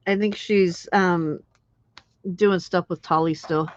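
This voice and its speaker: A woman's voice: fairly low pitch, steady tone, slow pace. A woman hosting a late-night crafting livestream, chatting with viewers and giggling often. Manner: chatty and giggly, answering comments while crafting. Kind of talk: casual chat with live chat viewers. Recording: dull, muffled lo-fi stream audio.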